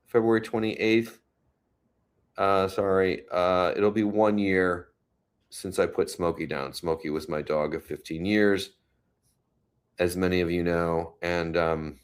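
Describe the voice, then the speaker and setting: A man hosting a casual livestream from home, chatting and reading viewer comments aloud. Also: low-pitched. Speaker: livestream host. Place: home, New York City.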